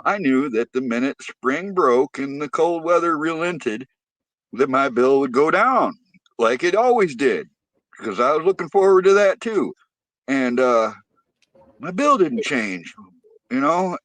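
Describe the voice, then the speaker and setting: A man's voice: fairly high pitch, a bit bright, no room sound. A man on a podcast telling a story in casual, profanity-heavy talk, getting heated as he goes.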